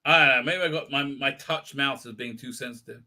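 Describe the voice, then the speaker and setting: Sarcastic man with a bright, tense voice. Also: medium pitch, a little fast. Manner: sarcastic, rambling, mocking. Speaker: show host reviewing an episode. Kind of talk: live-stream commentary.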